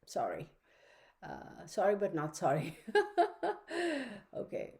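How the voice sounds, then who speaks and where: This astrology reader has a fairly low, mellow voice and keeps a moderate pace as she goes through a casual weekly forecast. She rambles and chats, piling on fillers and asides, recording on a computer mic in a room at home with her dog.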